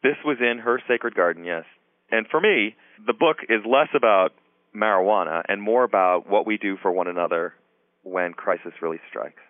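Deep-voiced man on a tinny phone line. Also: normal speed, no echo. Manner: relaxed anecdotal telling with frequent "you know". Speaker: guest author and psychiatry professor. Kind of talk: radio interview, storytelling.

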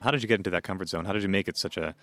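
A male interviewer with a very deep voice rattles off long, wordy questions at a quick clip. The sound is close and dry. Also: a bit bright, no room sound.

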